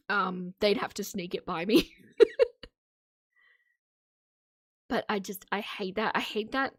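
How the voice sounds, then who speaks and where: A woman's voice: medium pitch, no echo. Dry-sounding woman streamer, opinionated. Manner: opinionated, laughs often, talks to chat. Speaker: streamer reacting to videos. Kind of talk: casual live-stream commentary.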